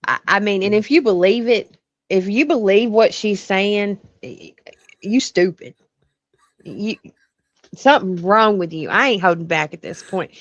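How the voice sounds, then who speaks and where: A woman's voice: medium pitch, lively intonation, a little slow, dry recording, muffled recording. A woman with a Southern drawl, co-hosting a casual political chat show, blunt, profane and fired-up. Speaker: co-host.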